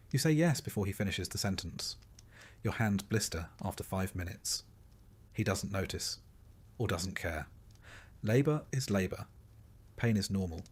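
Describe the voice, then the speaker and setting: A man calmly narrating a soothing bedtime history story in the second person. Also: lowish voice. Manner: soft, soothing and unhurried.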